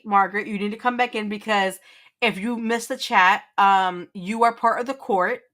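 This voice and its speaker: A woman's voice: a little high, bright, forceful tone. A woman hosting a casual livestream, reading chat aloud, teasing and laughing often, rambling with restarts. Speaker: livestream host.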